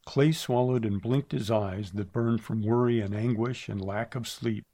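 A man reading a western novel aloud in a measured, steady narration. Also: lowish voice. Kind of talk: audiobook narration.

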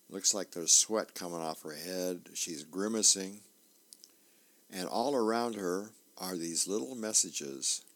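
A male radio host describes comic strips aloud, panel by panel, stopping for fillers as he goes. His voice is fairly low and he moves at a very unhurried pace. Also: a bit bright.

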